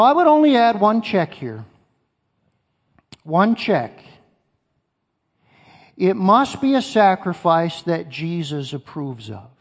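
Man, pastor, sermon, asks the congregation questions, long hall reverb. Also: on the high side. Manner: emphatic, repeats key phrases, asks the congregation questions.

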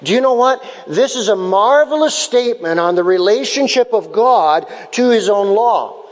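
A man's voice: high-pitched, expressive, normal speed, in a large hall. A man preaching a sermon as pastor, repeating key phrases for emphasis and acting out little dialogues to make his point.

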